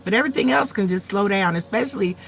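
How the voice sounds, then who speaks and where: A woman in her late forties hosting a live tarot stream, telling stories in a blunt, profane, animated way while getting over a cold. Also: medium pitch, quick pace. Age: late 40s. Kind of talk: casual live chat.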